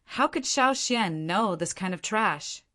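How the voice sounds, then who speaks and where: A woman's voice: mid-range voice, animated, takes it slowly, fairly bright tone. A woman reading the lines of a scheming middle-aged uncle in a storybook, indignant and complaining.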